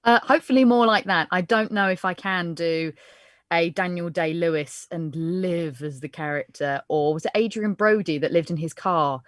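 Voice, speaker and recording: A woman's voice: on the low side, moderate pace, no room sound, clean studio sound. A woman actor from South Essex who speaks in a trained Received Pronunciation accent, chatting in a polished, self-mocking way on a video call. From South Essex, England. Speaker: actor and guest. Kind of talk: casual chat.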